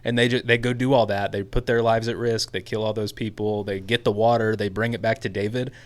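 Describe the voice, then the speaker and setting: Brief: young male podcast co-host, a bit low-pitched, animated and laughing as he chats. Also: a little fast. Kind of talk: casual chat.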